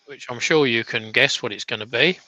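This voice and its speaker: A man's voice: medium pitch, brisk, bright, forceful tone, no echo, rough recording. A man with a bad cough, co-hosting a live stream from an office, reading out viewer comments with chatty, teasing banter. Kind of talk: casual live-stream chat.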